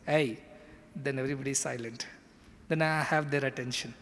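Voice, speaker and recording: A man's voice: mid-range voice, fairly even intonation, fast, fairly bright tone. Earnest male teacher in an echoing hall. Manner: explanatory, earnest, uses everyday comparisons. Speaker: spiritual teacher. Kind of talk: scripture lecture. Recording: long hall reverb.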